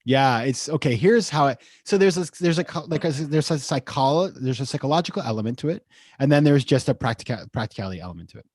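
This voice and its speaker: A man speaking as an investor guest in a casual webinar interview, acting out quoted messages with lively shifts in his voice. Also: quick pace, dry recording, studio quality. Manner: animated, acts out quotes with rising pitch.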